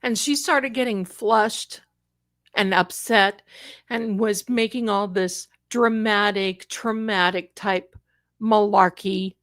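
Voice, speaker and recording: A woman hosting a casual livestream talks to her viewers in an animated, emphatic way. Her voice sits at an ordinary middle pitch. It is recorded dry and close in an indoor room. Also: slow, dry recording. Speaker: livestream host.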